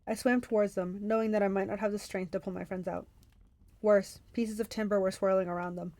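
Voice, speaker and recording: A woman reading a novel aloud for a book club, in steady first-person narration. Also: medium pitch, a little fast.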